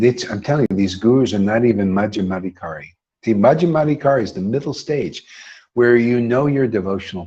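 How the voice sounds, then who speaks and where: A man with a low, husky voice preaches informally to a devotional gathering. He rambles and speaks with emphasis, and his pitch swings widely. The recording sounds dull and lo-fi. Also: a little mellow. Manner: rambling, emphatic, laughs often. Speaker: host leading a devotional class.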